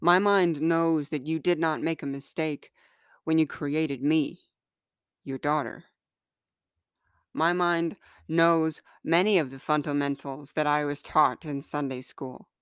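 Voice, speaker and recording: Woman, author reading her own confessional letters; slow, smooth, close dry sound. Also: sits low, steady tone, no echo.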